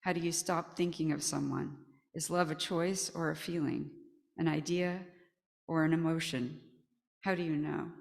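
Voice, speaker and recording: A woman at a live reading, reciting a long list of questions in a flat, measured, deadpan way. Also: deep voice, gravelly. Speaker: performer at a reading. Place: gallery reading event. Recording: long hall reverb.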